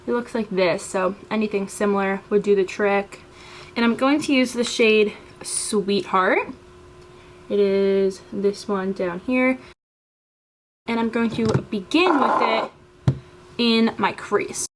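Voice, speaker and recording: A woman's voice: medium pitch, slow pace, a little hiss or hum. A young woman talking through her makeup routine step by step, casual and chatty, with frequent fillers. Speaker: beauty vlogger. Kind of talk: makeup tutorial voice-over.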